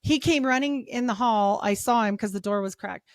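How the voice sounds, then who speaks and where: A woman in her forties talking as a podcast guest, with a mid-range voice for a woman. She tells her story with lots of laughter and a steady stream of "like". The recording is close and dry, with no room sound. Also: mid-range voice, moderate pace, clear, resonant tone, dry recording. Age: 40s. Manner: animated, laughs often, many "like" fillers. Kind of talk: casual storytelling.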